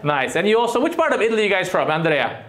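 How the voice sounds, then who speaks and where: Teasing comedian working the crowd. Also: male voice, sits high, very animated, fairly bright tone. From Romania. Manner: teasing, quick-witted, laughs often. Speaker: stand-up comedian. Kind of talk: crowd work stand-up. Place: comedy club stage with audience. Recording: echoey club with crowd laughter.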